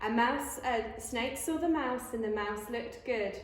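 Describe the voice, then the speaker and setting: A primary school teacher reads a children's picture book aloud, taking her time with each line. Her voice sits fairly high and the room is echoey around her. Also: slight background noise. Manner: slow, expressive read-aloud.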